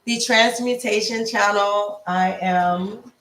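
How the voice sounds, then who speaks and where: A woman life coach giving a casual motivational talk, slow and repetitive in an affirming way. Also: mid-range voice, fairly even intonation, fairly bright tone, roomy sound, recorded from a distance. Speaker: lifestyle coach.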